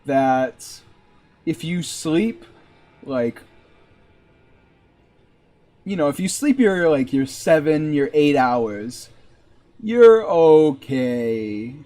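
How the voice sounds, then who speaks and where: A man's voice: on the high side, sing-song, extremely slow, pauses often, dark tone, soft background music. A young man from Massachusetts, a game streamer, rambling and joking in casual chat full of fillers while he plays.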